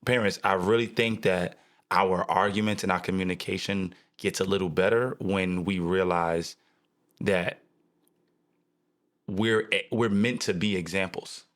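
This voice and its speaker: A young adult man co-hosting a podcast in casual chat, animated and jokey with a preacher-like emphasis. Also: low voice, unhurried. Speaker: podcast co-host.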